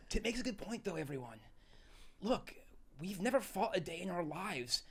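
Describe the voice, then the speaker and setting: A man's voice: high voice, sing-song, moderate pace, fairly bright tone, slightly rough, full character voice. A man voicing a timid, pacifist woodland monk in a put-on Welsh accent, pleading earnestly.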